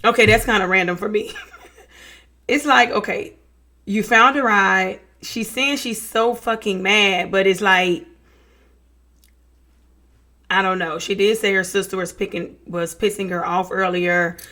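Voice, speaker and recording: A woman's voice: mid-range voice, unhurried, pauses often, bright, forceful tone. A young woman giving casual reaction commentary, reading text messages aloud and adding sassy asides, often calling people baby and honey. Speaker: true-crime reaction vlogger.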